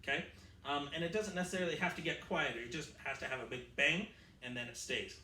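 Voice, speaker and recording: A man's voice: a little high, fast, over music. A man teaching an online string orchestra lesson, chatty and explanatory, correcting himself as he goes. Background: violin playing.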